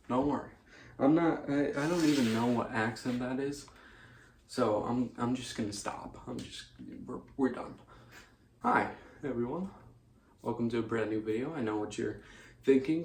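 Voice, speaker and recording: A man's voice: medium pitch, normal speed, a little mellow. A man making a gaming video, talking in a playful, self-mocking, chatty way. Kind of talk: casual video talk. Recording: echoey room with faint noise.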